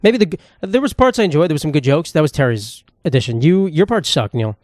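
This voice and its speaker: A man's voice: fairly high pitch, lively intonation, fast talker, a little mellow, no echo. A man in his twenties hosting a casual solo podcast, rambling and swearing, with sarcastic asides and a dry throat. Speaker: podcast host.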